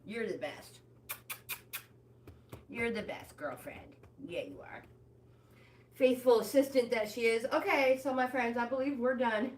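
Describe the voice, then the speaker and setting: Slow-talking older woman leading a workout. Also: on the high side, expressive, slight background noise. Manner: friendly coaching, greets viewers by name. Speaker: fitness instructor and livestream host. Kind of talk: live-streamed walking workout.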